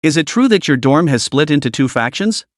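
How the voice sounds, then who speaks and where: Stern disdainful lady counselor, guy narrator reading her, pretty high and lively. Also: brisk, dry recording, studio quality, close to an everyday voice. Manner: clipped, disdainful. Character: stern cold female university counselor.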